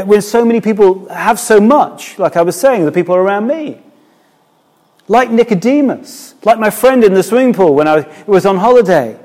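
A middle-aged man delivers a sermon, his voice sitting a little higher than most men's. He talks to the congregation in a relaxed, conversational way. He keeps drawing them in with rhetorical questions. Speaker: preacher.

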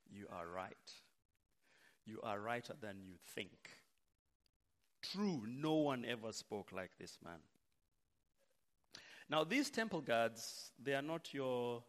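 A man delivering a sermon at a slow, deliberate pace. He leans hard on repeated phrases, sinking to near-whispers and then rising to loud emphasis. His voice sits at an ordinary middle pitch. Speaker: preacher.

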